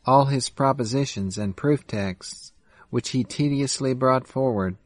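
A man narrating a first-person memoir in a steady, measured reading voice. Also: mid-range voice, no room sound. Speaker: audiobook narrator.

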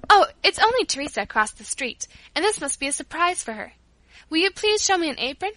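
A woman voicing an eager, generous little girl in a storybook reading, speaking in high, excited exclamations. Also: brisk, no echo, exaggerated voice.

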